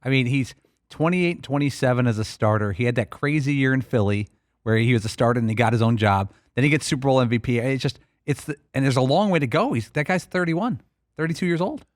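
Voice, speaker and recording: A man co-hosting a sports radio show, rapidly marveling at a quarterback's odd career. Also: medium pitch, dry recording, studio quality. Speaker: co-host. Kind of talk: casual sports talk.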